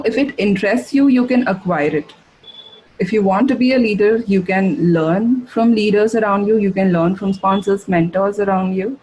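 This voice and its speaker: A woman giving a masterclass, answering audience questions in a halting way, with many fillers and restarts. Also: mid-range voice, dark tone, slightly rough, rough recording. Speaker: masterclass speaker. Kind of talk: live webinar Q&A answers.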